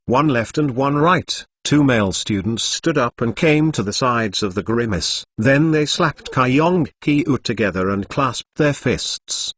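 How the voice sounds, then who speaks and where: A man's voice: mid-range voice, a bit bright, dry recording, clean studio sound. Synthetic male audiobook narrator. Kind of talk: synthetic narration of a translated web novel.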